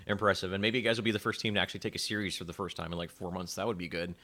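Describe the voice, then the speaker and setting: A man hosting a casual gaming show, excitable and joking with his guests over a call. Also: low voice, racing. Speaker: show host. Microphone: video call.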